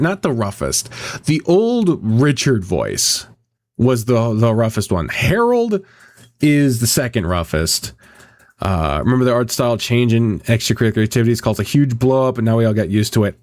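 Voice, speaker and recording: Male streamer, casual live chat, swears a lot, lively pitch swings, mid-pitched. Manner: rambling, swears often, reads chat aloud. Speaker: streamer and visual novel voice actor.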